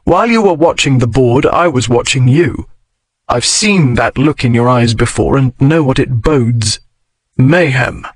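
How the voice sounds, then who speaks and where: A man's voice: medium pitch, measured pace, dry recording, lightly acted. A man narrating an audiobook, voicing a sardonic, teasing aristocratic duke in a dry, mocking tone. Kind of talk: audiobook character voice.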